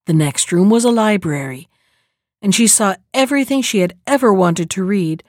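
A woman reading a fairy tale aloud in a calm, measured storybook manner. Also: medium pitch, no room sound, studio quality.

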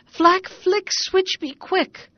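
In a sing-song, fairly high voice at normal speed, a woman plays a grumbling, scheming middle-aged man, using a raised, blustering, demanding storybook voice. There's no room sound, but the recording is dull and lo-fi.

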